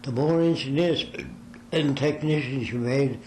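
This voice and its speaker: A man's voice: mid-range voice, unhurried, a little mellow. Older man recounting his life, echoey room. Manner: rambling storyteller, acts out quoted voices. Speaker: interviewee. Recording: echoey room with faint ambient noise.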